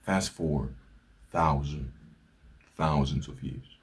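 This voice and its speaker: Low, husky-voiced man delivering an earnest reflective monologue to camera. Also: slow. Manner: earnest, storytelling, rhetorical questions. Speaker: vlogger. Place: indoors, Hamburg.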